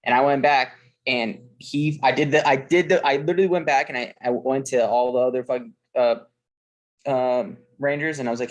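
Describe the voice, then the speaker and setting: A man's voice: medium pitch, steady tone, brisk. A man in casual podcast chat, swearing freely and rambling with fillers as he tells a story. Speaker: podcast co-host.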